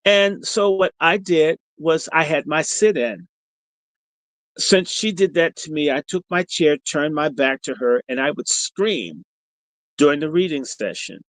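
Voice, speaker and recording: A man's voice: on the high side, unhurried, no echo, rough recording. A middle-aged man hosting a podcast, telling a story in a provocative, profane, combative way. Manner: animated storyteller. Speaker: podcast host. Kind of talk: storytelling monologue on a livestream.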